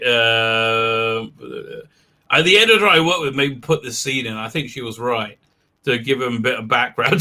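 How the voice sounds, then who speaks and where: A man's voice: mid-range voice, bright, forceful tone. A man hosting a casual live stream, talking in a rambling, sardonic way with many restarts.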